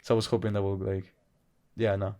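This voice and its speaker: A man with a fairly low voice co-hosting a podcast in loose, casual chat. He jokes around, swears freely and breaks into laughter. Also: level tone, a little fast, warm tone. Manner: joking, swears, laughs often. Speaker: podcast co-host.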